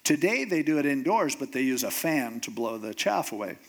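A man's voice: medium pitch, sing-song, moderate pace. A man teaching a Bible story in a casual, conversational way, acting out the characters as he goes.

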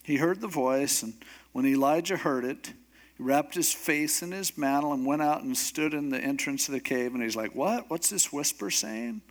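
A pastor preaching a sermon, telling a story in an animated, humorous way. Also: male voice, mid-range voice, moderate pace.

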